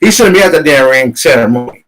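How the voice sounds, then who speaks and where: A man's voice: mid-range voice, animated, fast, a bit bright, low-quality recording. A man co-hosting a sports podcast, ranting heatedly, swearing and trash-talking rival fans. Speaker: podcast co-host.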